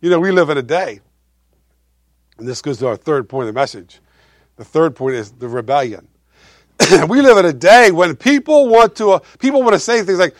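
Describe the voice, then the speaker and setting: A male pastor preaching a sermon, swinging between loud emphasis and quiet asides while asking his congregation questions. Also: on the high side, sing-song, fairly quick, no echo, studio quality.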